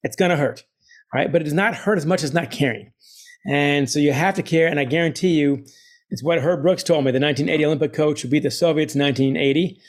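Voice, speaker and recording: Energetic middle-aged male author. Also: a little high, quick pace. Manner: energetic, quotes others in put-on voices, laughs often. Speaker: author guest. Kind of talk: animated storytelling interview.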